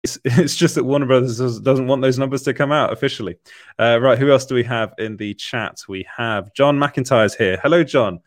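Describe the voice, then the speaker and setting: A young man hosts a casual livestream, reading out chat messages in an easygoing, rambling way that is broken by frequent laughs and fillers. His voice sits at an ordinary pitch. It is captured on a close, dry microphone with no room sound. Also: brisk, dry recording. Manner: chatty, laughs often, filler-heavy. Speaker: livestream host. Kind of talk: casual live chat, reading viewer comments.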